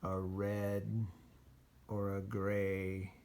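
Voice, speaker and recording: A man reading a children's picture book aloud as a storyteller, slow and expressive. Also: low-pitched, creaky, slight background noise.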